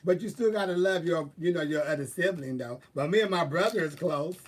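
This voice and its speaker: A man's voice: fairly high pitch, fairly quick, distant mic. A man hosting a live stream, chatting casually with viewers in a sassy, profane way. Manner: sassy, profane, drawling asides. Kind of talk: casual chat, answering viewers.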